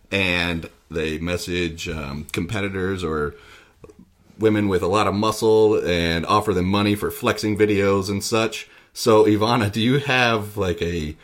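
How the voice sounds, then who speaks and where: A man hosts a relaxed podcast chat with a fairly low voice. He is upbeat, laughs easily and moves the talk along. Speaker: podcast host. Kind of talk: casual chat.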